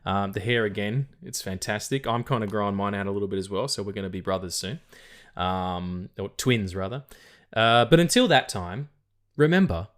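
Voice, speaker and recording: Chatty, swearing Australian podcast host. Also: male voice, on the low side, normal speed. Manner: rambling, swears freely, laughs often. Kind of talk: casual chat.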